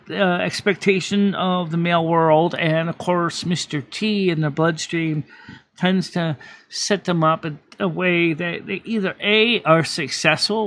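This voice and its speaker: A man's voice: on the high side, a bit bright. A man hosting a live stream in casual chat, rambling with many restarts and self-corrections.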